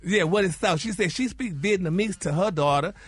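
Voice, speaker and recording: Flamboyant high-voiced man on morning radio. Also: a little fast, breathy edge. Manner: flamboyant, sprinkles "honey" and "y'all". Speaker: co-host, gossip segment. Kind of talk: casual morning radio chat.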